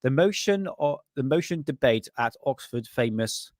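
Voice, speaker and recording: A man's voice: medium pitch, expressive, moderate pace, a little mellow, no room sound, clean studio sound. A middle-aged British man hosting a casual livestream, reading aloud from an old magazine in a rambling, joking way with crude asides and chuckles. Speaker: livestream host.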